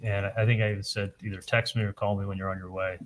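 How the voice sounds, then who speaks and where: Man, witness on the stand, low voice, halting, repeats words, retells conversations, faint hiss behind. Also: flat delivery. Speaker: trial witness testifying. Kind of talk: courtroom testimony.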